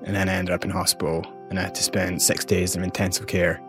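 Scottish man telling his story, low voice. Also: little pitch movement, fast talker, fairly bright tone, soft background music. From Scotland. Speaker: interview guest. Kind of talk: personal storytelling.

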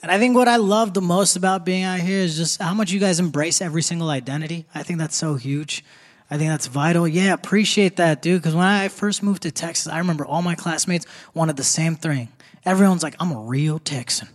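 A young stand-up comedian performs a set on a theater stage before a live audience, his fairly high voice moving a little fast and echoing through the large hall. Punchy and conversational, he laughs through his jokes amid the crowd noise.

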